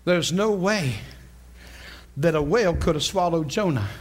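Male preacher, folksy sermon, very lively swooping high voice, laughs a lot. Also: a little slow. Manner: animated, laughing often, folksy.

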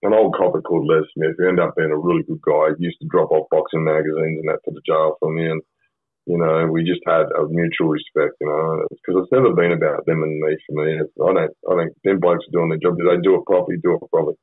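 A middle-aged Australian man with a low, husky voice, telling a story in a blunt and sweary way that wanders and circles back. The sound is thin and tinny, like a phone line, with very dry acoustics. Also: level tone, fast talker, dry recording. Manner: blunt, sweary, rambling with many fillers. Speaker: podcast guest. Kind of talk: casual storytelling.

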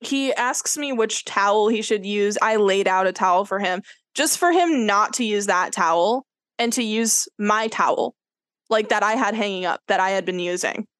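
A woman's voice: mid-range voice, normal speed, dry recording. A young woman co-hosting a podcast, telling a dating story in casual chat, with lots of "like" and acted-out quotes. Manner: animated storyteller, fills with "like", acts out quotes. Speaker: podcast co-host.

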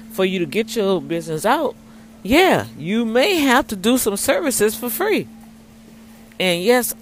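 A woman talking straight to her viewers in a casual testimony vlog, lively and preachy, snacking as she speaks. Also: sits low, a little hiss or hum. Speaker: vlogger.

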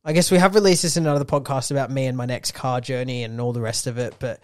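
A man's voice: mid-range voice, steady tone, fast talker, a little mellow, dry recording. A man co-hosting a podcast, casually telling a story about hunting for his next car, with plenty of fillers. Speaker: podcast co-host.

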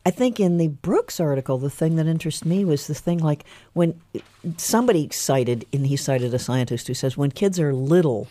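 A man in casual group chat, joking and jumping in with quick remarks. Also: a little high, no echo. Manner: lively, quick interjections and jokes.

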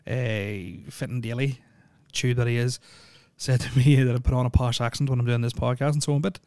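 A man's voice: medium pitch, steady tone, fairly quick, darkish tone, smooth, dry recording. A man hosting a solo podcast, rambling with lots of ums and dry jokes. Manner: rambling, filler-heavy, joking. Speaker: podcast host. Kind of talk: casual solo podcast chat.

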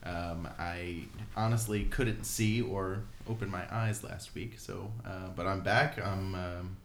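Joking low-voiced man in a studio. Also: steady tone, slow pace, fairly bright tone, reverberant, a little hiss or hum. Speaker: podcast co-host. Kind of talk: casual chat. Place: podcast studio.

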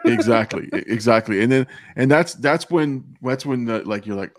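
Halting man in a casual movie chat. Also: mid-range voice, dry recording, clean studio sound. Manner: halting, restarts often, swears. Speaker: podcast co-host.

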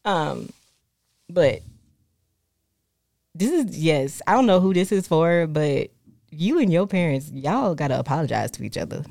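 A young woman with a low, deep-set voice chats casually and candidly, looping back with fillers and restarts as she thinks aloud. The sound is close and dry, with no room around it. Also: expressive, normal speed, vocal fry, dark tone, no echo. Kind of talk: casual chat.

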